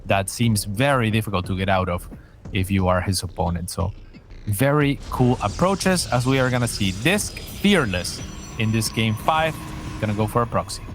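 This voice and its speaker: A man casting a live strategy game match, analytical and animated, often restarting his sentences. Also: lowish voice, normal speed, faint music behind. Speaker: esports caster.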